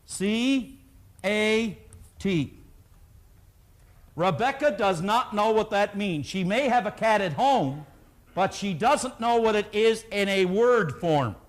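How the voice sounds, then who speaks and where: A man's voice: high voice, expressive, slow pace. A man speaking at a live motivational seminar, telling stories and leading the audience in call-and-response.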